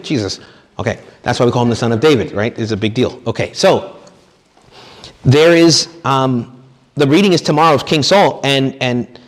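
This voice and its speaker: Priest, male, chatty retreat sermon with jokes, long hall reverb. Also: mid-range voice. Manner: conversational, joking, acts out quoted people. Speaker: priest giving a retreat talk.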